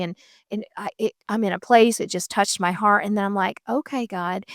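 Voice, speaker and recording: A woman's voice: mid-range voice, no echo, studio quality. A woman hosting a podcast, chatting casually and acting out her own thoughts with animation. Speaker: podcast host.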